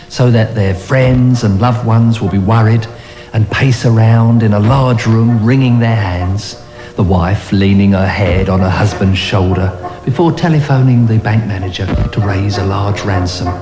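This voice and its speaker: An actor playing an unflappable asylum doctor, breezy and matter-of-fact. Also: male voice, fairly low pitch, moderate pace, natural voice. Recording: echoey room with music behind.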